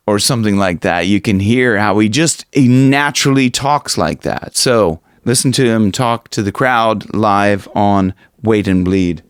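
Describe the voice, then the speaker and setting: Slow-talking male vocal coach, dry sound. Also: medium pitch, expressive, no room sound. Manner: rambling, restarts, demonstrates screamed lines and breathy talk. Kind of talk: casual vocal lesson with demonstrations.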